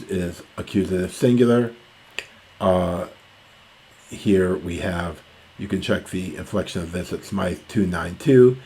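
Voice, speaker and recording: A man giving a scholarly lecture on ancient Greek grammar, reading the text slowly and explaining it with pauses and fillers. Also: sits low, mellow. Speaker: classics lecturer.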